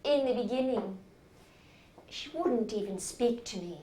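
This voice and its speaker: A woman playing a self-doubting hospital doctor in a stage monologue, halting and stammering with restarts. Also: on the high side, expressive, warm tone. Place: stage performance.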